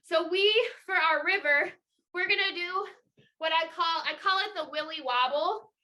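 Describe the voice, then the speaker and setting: A bright, high-pitched young woman leads children through a lively movement lesson over a video call. She sounds energetic, encouraging and playful. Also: normal speed. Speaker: children's water festival educator. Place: home, indoors.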